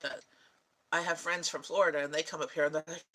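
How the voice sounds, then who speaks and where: A woman's voice: low-pitched, little pitch movement, quick pace, fairly bright tone, rough recording. A woman vlogger chatting casually with viewers, rambling and laughing often. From Canada. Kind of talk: casual chat answering viewers.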